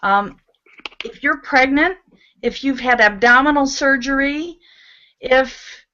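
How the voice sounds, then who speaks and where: A woman's voice: high voice, takes it slowly, bright, forceful tone, slight background noise. A woman hosting a live talk show, upbeat and coaxing as she leads the audience in laughter exercises. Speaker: host leading laughter exercises. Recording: dull lo-fi audio.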